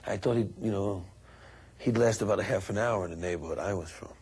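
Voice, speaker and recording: A man's voice: lowish voice, a little fast, heavy background noise. A man, blunt and wry, speaking in an interview. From New York.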